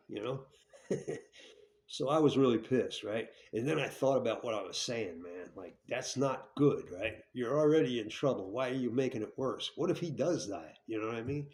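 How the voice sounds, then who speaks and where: A man with a medium-pitched, slightly mellow voice speaks at a moderate pace, bluntly and profanely recounting a hard episode from his own past. His candid storytelling rambles and restarts, and he keeps checking in with tag questions like "right?".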